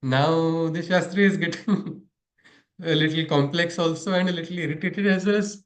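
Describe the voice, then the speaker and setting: A man's voice: on the high side, fairly even intonation, moderate pace, pauses often. A man giving a spiritual lesson, telling stories, often chuckling and asking his audience questions. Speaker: spiritual teacher. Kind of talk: storytelling spiritual lecture. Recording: echoey room.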